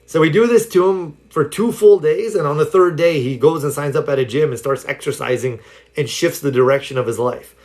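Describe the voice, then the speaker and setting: A man's voice: a little high, a little fast, a little mellow. A man giving a casual self-help talk on a livestream, telling stories loosely with lots of "like" and "you know". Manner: rambling storytelling with many fillers. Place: home livestream.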